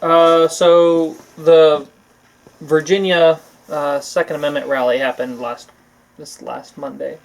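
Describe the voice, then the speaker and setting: A man co-hosting a casual talk show, explaining the week's news in a loose, halting way. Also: a little high, level tone, gravelly, rough recording. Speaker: podcast co-host.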